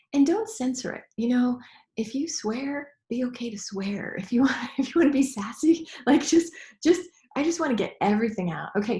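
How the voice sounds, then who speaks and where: A woman's voice: mid-range voice, darkish tone, roomy sound. A woman business coach leading a guided tapping lesson in a casual, encouraging way, often checking in with "okay?" and "right?".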